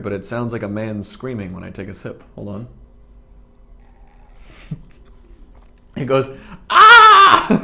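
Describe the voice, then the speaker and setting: A man reviewing cafe drinks and pastries in a casual vlog, with a dry, rambling sense of humor and plenty of asides, speaking. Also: mid-range voice. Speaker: food vlogger.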